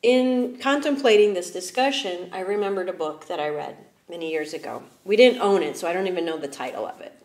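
A woman talking as a spiritual advisor guest, animated and laughing often as she explains. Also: lowish voice, fairly quick, few pauses, roomy sound. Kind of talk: casual chat.

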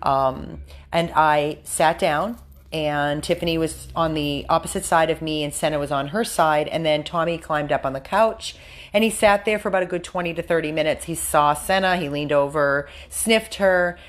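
An American woman with a somewhat low voice makes an earnest appeal on behalf of a rescue dog. She talks straight to viewers in a casual, heartfelt way, now and then slipping into coaxing talk aimed at the dog. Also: fairly even intonation, normal speed. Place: room at a dog rescue house.

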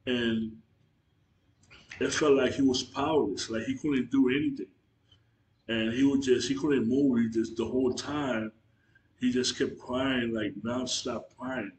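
A man giving an earnest, halting religious testimony to the camera, repeating himself and restarting his sentences. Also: mid-range voice, steady tone, slight background noise. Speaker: Christian video testifier. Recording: echoey room.

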